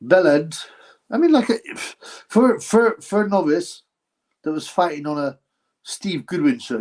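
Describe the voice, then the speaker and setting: A man's voice: on the high side, animated, unhurried, pauses often, a little mellow. A man hosting a live stream, giving blunt, mocking commentary on a boxing match and reading out chat comments. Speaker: livestream host reacting to a boxing fight.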